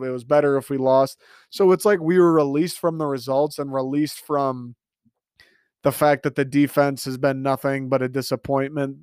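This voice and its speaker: Man, sports podcast host, emphatic rant, slightly high voice, dry close sound. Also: smooth, dry recording. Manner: animated, emphatic, swears freely.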